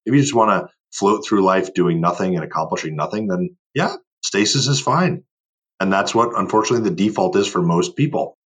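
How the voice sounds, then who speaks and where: Guest, male, deep husky voice, driven and emphatic, interview chat. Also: lively intonation, a little fast, fairly bright tone. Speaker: guest, board game company owner. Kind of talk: casual podcast interview.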